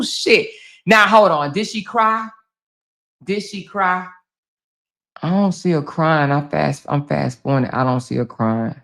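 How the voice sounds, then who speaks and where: Bright, teasing woman livestream host. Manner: laughing, teasing, swearing freely, talks straight to viewers; animated, swinging between loud exclaims and low asides. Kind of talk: casual livestream commentary reading viewer comments aloud.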